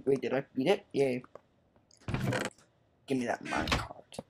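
Jokey gamer, male, rambles through let's play commentary, middle pitch, faint hiss behind. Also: lively intonation, unhurried.

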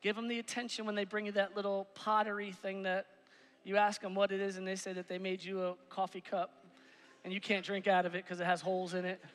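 Pastor guy preaching, really high bright voice, gravelly, booming church hall. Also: fairly quick. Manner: animated, swinging between shouts and hushed asides. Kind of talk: sermon. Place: church stage.

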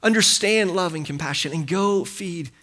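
Man, sermon, high voice, bright tone, impassioned, acts out dialogue. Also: normal speed. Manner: impassioned, acts out quoted dialogue, repeats phrases for emphasis. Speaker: pastor. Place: church hall.

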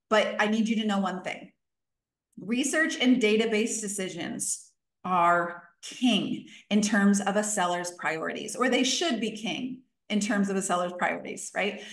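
A woman coach teaching a live online workshop, emphatic and energetic, repeating key points for stress. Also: medium pitch, reverberant.

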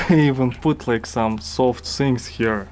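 A man's voice: mid-range voice, slow. A man with a Russian accent, a native Russian speaker, giving a casual tour vlog in broken, chatty English with many fillers. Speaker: vlog host. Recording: noisy background.

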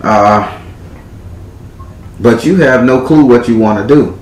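A man's voice: medium pitch, takes it slowly, echoey room, low-quality recording. A man doing a live tarot reading in a theatrical, teasing way, swearing freely as he talks to a client. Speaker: tarot reader.

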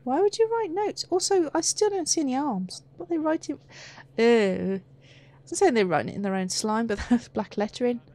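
High-voiced woman narrating a horror game. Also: normal speed, a little mellow. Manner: chatty, reacts with gasps, squeals and swearing. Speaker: let's play gamer. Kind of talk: casual gameplay commentary.

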